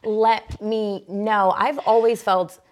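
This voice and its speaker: A young woman co-hosting a podcast, telling stories in casual chat, swearing and halting with fillers. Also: medium pitch, steady tone. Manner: chatty storyteller, profane, halting with fillers. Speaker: podcast co-host.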